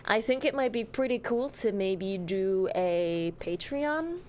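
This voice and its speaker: A woman's voice: medium pitch, expressive, takes it slowly, a little mellow, a little hiss or hum. A woman live-streaming in a casual, rambling way, greeting her chat by name and slipping into silly voices. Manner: playful, drops into silly voices.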